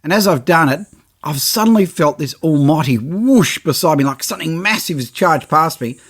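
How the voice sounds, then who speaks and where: Man, middle-aged, podcast host, animated storyteller, slightly high voice. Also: moderate pace. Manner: lively, acts out his own reactions and quotes.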